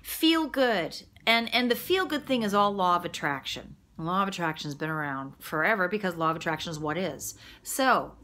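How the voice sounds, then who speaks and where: A middle-aged woman life coach talking casually and warmly about feeling good, laughing at herself and sometimes dropping to a whisper. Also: on the low side, animated, moderate pace, few pauses. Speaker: quantum healing practitioner and life coach. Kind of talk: casual motivational monologue.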